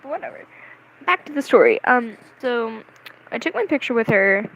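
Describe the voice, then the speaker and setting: Brief: high-voiced woman, chatty vlogger, rambling and excitable, self-mocking asides. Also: moderate pace, lo-fi sound, a little hiss or hum. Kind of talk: casual storytelling to camera.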